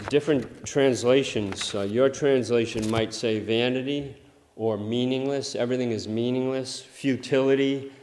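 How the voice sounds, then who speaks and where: A man's voice: mid-range voice, a little mellow. Man preaching in a reverberant hall. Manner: halting, repeats words often, swells in volume on quoted verses. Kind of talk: sermon.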